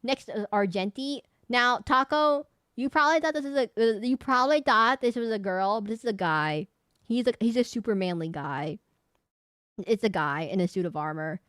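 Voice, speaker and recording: In clean studio sound with no room noise, a woman with a high-leaning, expressive, somewhat bright voice that is clear and resonant talks at normal speed. She's casually streaming as she ranks characters, rambling, laughing and frequently correcting herself.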